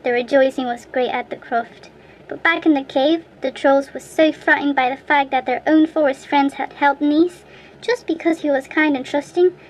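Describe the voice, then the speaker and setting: A woman reading a fairy tale aloud as an audiobook narrator in a clear, steady way. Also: sits high, normal speed, a little hiss or hum, rough recording. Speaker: audiobook reader. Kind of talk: storybook narration.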